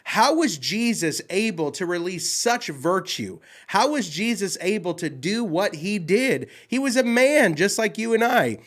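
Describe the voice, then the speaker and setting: A man's voice: sits high, animated, unhurried, few pauses, fairly bright tone. A man hosting a devotional talk show, fired up and emphatic, often repeating himself as he speaks. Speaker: host.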